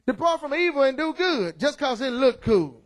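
A middle-aged man preaching a loud, excited sermon in church, calling out to the congregation. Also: extremely high pitch, moderate pace. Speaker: pastor. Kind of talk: energetic sermon.

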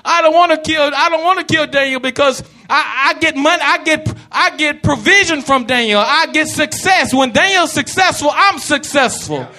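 Brief: anxious ancient king, stammering and pleading, voiced by a man preaching, high and bright. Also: normal speed, few pauses, faint music behind, heavily acted. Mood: boastful. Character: worried ancient king, male, anxious and regretful.

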